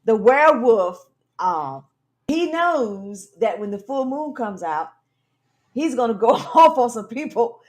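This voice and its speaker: A playful woman with a fairly high voice, bantering on a podcast. She talks in an animated, laughing way, building a joke as she goes and pushing past interruptions. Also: slow pace.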